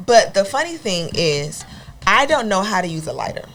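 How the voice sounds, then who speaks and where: Animated young woman telling a comedic story. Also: normal speed, slight background noise. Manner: animated, jumps into high squeals when acting out scenes. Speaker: podcast co-host.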